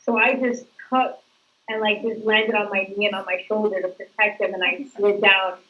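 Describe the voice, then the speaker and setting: Chatty actress, dull lo-fi sound. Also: female voice, medium pitch, level tone, moderate pace. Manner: chatty, laughing storyteller. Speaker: actress guest. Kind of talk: casual interview answers.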